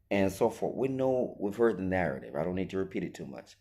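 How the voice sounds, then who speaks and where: A man's voice: sits low, very animated, brisk, hardly any pauses, dark tone. A man giving an emphatic opinion monologue, full of rhetorical questions and acted-out quotes. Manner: acts out quoted voices. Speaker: commentator.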